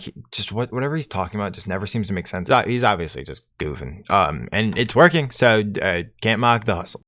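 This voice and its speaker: A man's voice: low voice, a bit bright, clear, resonant tone, no room sound, studio quality. A man doing reaction commentary on a clip, incredulous and mocking. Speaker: commentary youtuber.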